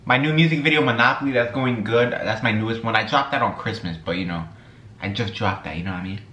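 A young man casually chatting while he eats through a fast-food meal, laid-back and slangy, dropping "you know what I'm saying" again and again. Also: lowish voice, pushed and bright, a little hiss or hum. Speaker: vlogger and musician. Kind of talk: casual mukbang chat while eating. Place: room at home. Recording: echoey room.

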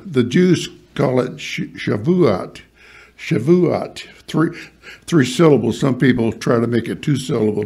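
Guy giving a sermon at church, slow and kinda husky, lots of uhs and restarts. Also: mid-range voice, a little mellow. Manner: halting, many restarts and fillers, reads scripture aloud; quizzes the congregation lightly. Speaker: pastor. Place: church hall.

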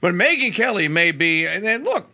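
A male talk radio host on a studio microphone, speaking with a bright, forceful edge. His pitch leaps up and down as he talks, and his voice has a gravelly crackle. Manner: animated, stammering restarts, quick pitch jumps. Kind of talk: casual political talk radio.

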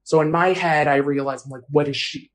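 A woman's voice: low-pitched, steady tone, fairly quick. A woman telling her own story in an interview, casual and blunt, with frequent fillers. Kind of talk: personal account in an interview.

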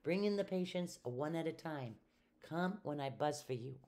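A woman voicing a busy, impatient man doctor in a storybook, giving brisk instructions. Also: sits low, lively intonation, dark tone.

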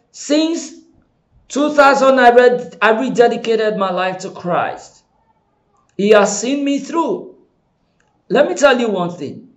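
High-voiced, slow-preaching male pastor. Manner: impassioned preaching, swinging from soft pleading to shouting. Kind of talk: sermon.

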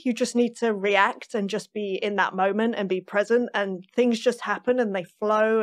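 A woman drummer, a podcast guest, telling stories in a lively, chatty way and laughing often. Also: mid-range voice. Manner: animated storytelling, laughs often. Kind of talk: casual interview chat.

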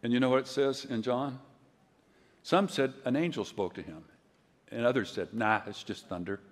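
An older man giving a conference sermon, telling stories in a conversational way and acting out quotes loudly. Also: medium pitch, lively intonation, normal speed. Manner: conversational storytelling, loud acted quotes. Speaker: preacher. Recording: long hall reverb.

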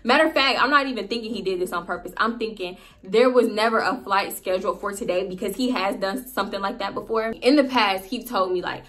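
Young woman spilling a story on her vlog, slangy and animated, mid pitch. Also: fast talker, few pauses. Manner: animated, slangy, laughing asides. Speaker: storytime vlogger. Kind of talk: casual storytelling.

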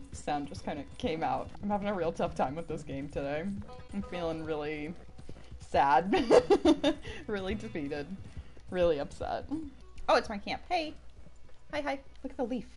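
A woman's voice: lowish voice, sing-song, normal speed, pauses often, darkish tone, soft background music. A young woman streaming a game, chatting casually and laughing often with her viewers. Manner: chatty, laughs often, jokey asides to chat. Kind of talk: casual gameplay commentary.

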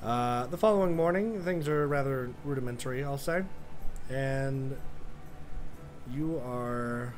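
A man narrating a tabletop game as game master in a relaxed, casual way. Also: mid-range voice, a little slow, faint music behind.

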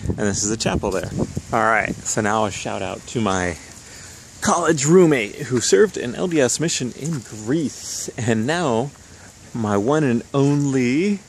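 A young man vlogging casually about his photo outings, chatty and quick to laugh as he walks and drives around the city. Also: mid-range voice, creaky. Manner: chatty, laughs often, thinks aloud while walking and driving. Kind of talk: casual handheld travel vlog. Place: outdoors and in a car around a city. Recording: noisy outdoor street recording.

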